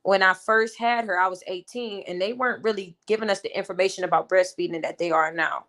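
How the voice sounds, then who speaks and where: A woman's voice: mid-range voice, steady tone, brisk, a bit bright. A woman in her twenties telling a personal story on her vlog in an emphatic, venting way, talking straight to her viewers. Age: 20s. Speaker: vlogger and mother.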